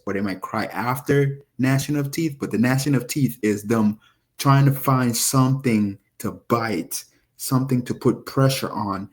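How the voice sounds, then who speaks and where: A man giving casual scripture commentary to his viewers, animated and rambling, talking straight to them. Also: medium pitch. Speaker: religious video preacher.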